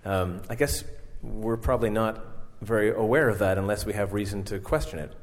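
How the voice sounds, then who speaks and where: A man's voice: on the low side, a little fast. A man moderating onstage, asking long, thoughtful questions. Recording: long hall reverb.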